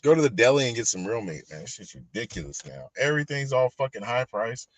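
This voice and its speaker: A stoned man with a drawl rants in a loose, cursing stream-of-consciousness, swinging from mumbled asides to loud outbursts. His voice sits at an ordinary male pitch, and the sound is dry, close and unroomy. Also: quick pace, no room sound. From Texas. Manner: profane, ranting, animated. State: high. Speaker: collectibles channel host. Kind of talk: casual livestream rant.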